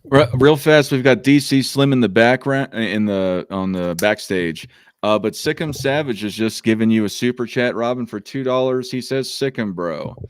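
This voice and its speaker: A man moderating a sports live stream, speaking in a halting way with many fillers. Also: medium pitch, clear, resonant tone, dry recording, clean studio sound. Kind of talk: casual live-stream chat.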